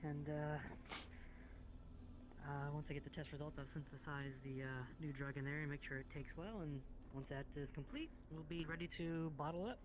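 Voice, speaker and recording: A man's voice: a little high, moderate pace. A man playing a chemist in a live roleplay, easygoing and thinking aloud. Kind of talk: in-character roleplay chat. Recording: hissy noisy mic.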